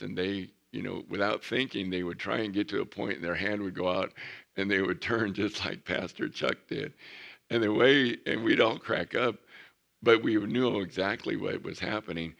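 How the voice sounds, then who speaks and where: Pastor guy preaching in church, low gravelly voice, punches his points. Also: fairly bright tone. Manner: preaches with rising emphasis, reads scripture slowly. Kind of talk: sermon.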